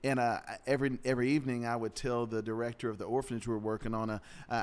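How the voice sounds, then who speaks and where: A man talks to listeners in a relaxed, conversational way, often restarting his sentences and chuckling. His voice sits mid-pitch and comes across plain and easygoing. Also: rapid-fire, clean tone. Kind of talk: casual chat, storytelling.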